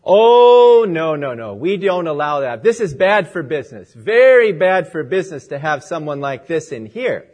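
Fussy restaurant manager, put on by a male preacher, indignant, loud, high voice. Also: sing-song, moderate pace, hardly any pauses, dull audio.

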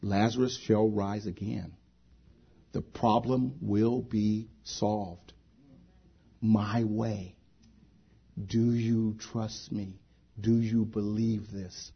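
A solemn holy man speaks in a hushed, deep, unhurried voice, as a preacher acts him out. The tone is husky and sits well below his usual register. The recording sounds dull and lo-fi. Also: flat delivery, heavily acted. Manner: slow, low and hushed. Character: calm, solemn man of divine authority.

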